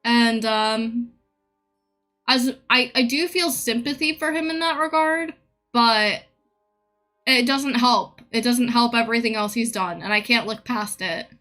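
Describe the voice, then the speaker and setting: A woman's voice: fairly high pitch, a little slow, sharp tone, faint music behind. A woman streamer in a casual live-stream rant, blunt, profane and opinionated.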